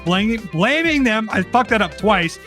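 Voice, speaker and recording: A man with a high voice trades exasperated, profane jabs in casual podcast chat. He talks loosely and playfully. Faint music plays under him. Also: expressive, normal speed, pushed and bright. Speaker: podcast co-host.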